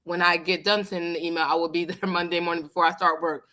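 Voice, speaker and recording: Bright-voiced woman telling a story bluntly. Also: lowish voice, fast talker. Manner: animated storytelling, emphatic and blunt. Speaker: host. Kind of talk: casual chat. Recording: live online radio show.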